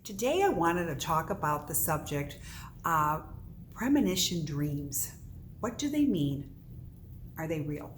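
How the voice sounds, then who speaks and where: A woman's voice: low voice, very animated, measured pace, pauses often, a little hiss or hum. A middle-aged woman, a psychic medium, talking casually to the camera in an earnest storytelling manner, asking questions and answering them herself.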